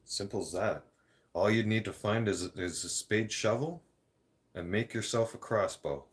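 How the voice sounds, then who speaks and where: A man's voice: lowish voice, normal speed. A man ranting in a vlog, blunt and profane, rambling and restarting his sentences. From Canada. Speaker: vlogger.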